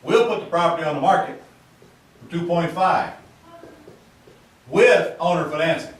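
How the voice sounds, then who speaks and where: A man's voice: on the high side, moderate pace. A man teaching real estate investing in a folksy, emphatic seminar style, stretching out key words for emphasis. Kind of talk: seminar-style sales talk to camera. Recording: roomy, from a distance.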